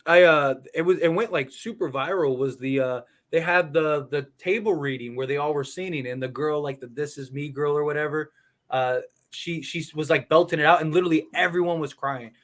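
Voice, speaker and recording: Rambling man, slightly high voice. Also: fairly quick. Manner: rambling, lots of fillers and restarts. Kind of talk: casual chat.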